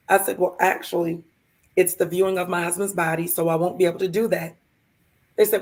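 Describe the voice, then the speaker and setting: A woman co-hosting a live show, telling a heartfelt personal story in a gravelly, hoarse voice and acting out the other people in it. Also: fairly low pitch, steady tone, moderate pace, a little mellow. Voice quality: gravelly, hoarse from vocal cord lesions. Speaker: podcast co-host.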